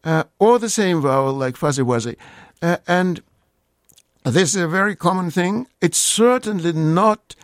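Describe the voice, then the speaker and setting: A man's voice: high-pitched, lively intonation, measured pace, dry recording, studio quality. A man, a guest linguist on a radio call-in show, explaining word origins in a hesitant, lecturing way with many fillers.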